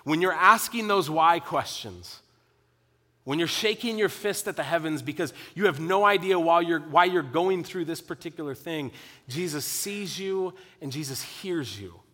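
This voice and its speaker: A man preaching a sermon to his congregation, animated at times and dropping to a quiet intensity at others. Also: a little high, moderate pace, in a large hall. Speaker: pastor.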